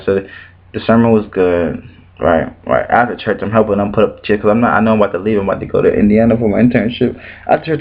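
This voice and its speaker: A young man vlogging, telling a personal church story with emotion, animated and repetitive, his voice leaping high when he quotes people. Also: muffled recording. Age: young adult.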